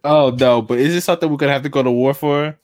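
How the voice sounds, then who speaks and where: A man's voice: fairly high pitch, fast, a little mellow, dry recording. A man co-hosting a casual podcast chat, laid-back and playful. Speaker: podcast co-host.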